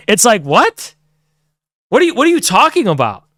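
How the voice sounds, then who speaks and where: A man's voice: extremely high pitch, wildly swooping pitch, takes it slowly, sharp tone, no room sound, studio quality. Sarcastic, profane young-sounding man ranting. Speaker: streamer. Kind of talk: heated stream commentary.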